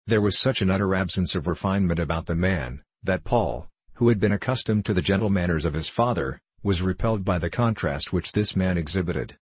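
In scripted narration, a male audiobook narrator reads a classic novel in a measured, formal storytelling style. His voice is low-pitched and slightly rough, with no echo.

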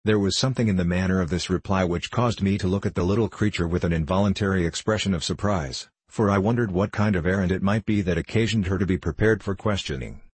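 A man narrating a classic novel in a measured, unhurried storytelling manner. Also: low voice, husky, dry recording.

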